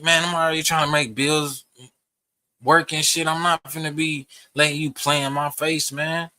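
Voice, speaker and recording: A man's voice: medium pitch, sharp tone, dry recording. A young man, ranting profanely to camera in a heated, rambling way. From Texas. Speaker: vlogger. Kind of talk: casual rant to camera.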